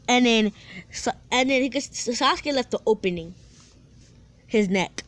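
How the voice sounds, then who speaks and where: A woman's voice: a little high, animated, unhurried, long pauses. Rambling young-sounding woman telling a story. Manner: rambling, restarts often, playful asides. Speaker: storyteller of fan fiction. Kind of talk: casual spoken story.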